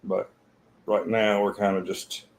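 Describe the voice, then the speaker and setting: Blunt, low-voiced man trading live. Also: flat delivery, a little slow, a little hiss or hum, rough recording. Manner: blunt, swears freely, tells stories with quoted voices. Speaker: co-host of a live trading stream. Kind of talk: casual live-stream chat.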